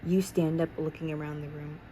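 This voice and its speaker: Young woman, deep-ish voice, casual amateur storyteller, slight slips. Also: little pitch movement, fairly quick, noisy background. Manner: casual second-person storytelling with slips and restarts. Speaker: amateur reader. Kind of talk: reading fan fiction aloud with voices.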